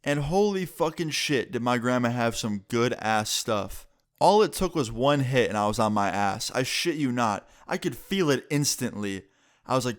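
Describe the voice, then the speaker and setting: A young man telling a story casually on his vlog, animated and profane, acting out the dialogue he quotes. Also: medium pitch, normal speed. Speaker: storytime vlogger.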